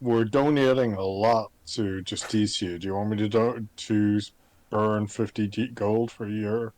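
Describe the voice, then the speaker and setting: Guy at the game table working it out out loud, dry no-room sound. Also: fairly low pitch, fairly even intonation, no echo. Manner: thinks aloud, halting restarts. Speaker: player.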